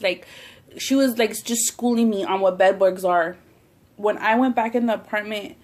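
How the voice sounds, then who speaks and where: A woman's voice: mid-range voice, normal speed. A woman vlogger telling a long personal story in a casual, rambling way, leaning on "like" and swearing freely. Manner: rambling, heavy use of "like" and swearing. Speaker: mukbang vlogger.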